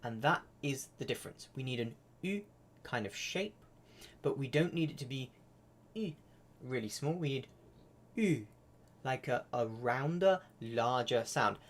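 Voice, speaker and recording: A man's voice: medium pitch, normal speed, a little hiss or hum. A man giving a casual live-streamed flute lesson, chatty and full of fillers. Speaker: flute teacher.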